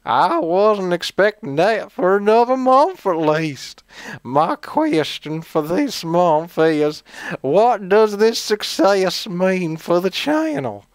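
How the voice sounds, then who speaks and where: Man doing a high, slow, hearty fan voice, drawled and eager. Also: very animated, clean tone, no echo, exaggerated voice. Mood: cheerful.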